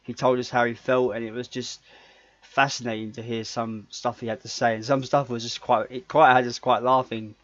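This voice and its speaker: A man's voice: mid-range voice, level tone, moderate pace, dry recording. A man co-hosting a podcast in casual chat, jokey and rambling, often stumbling over his words. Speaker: podcast co-host. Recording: dry, slightly dull podcast audio.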